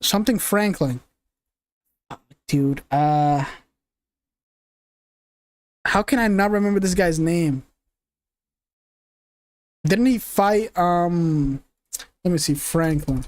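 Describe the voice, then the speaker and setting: A man's voice: high voice, slow pace, long pauses, dry recording. A young man streaming casual commentary, rambling, cursing, laughing often and groping for names.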